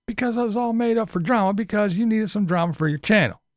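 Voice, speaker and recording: A man's voice: high voice, quick pace, no echo, studio quality. A man giving a sarcastic, profane commentary rant as a vlogger.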